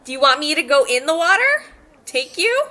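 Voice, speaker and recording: A man voicing a young woman adventurer in a high, lively falsetto. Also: normal speed, full character voice. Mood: eager. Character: Athora, a young woman adventurer, eager and chirpy.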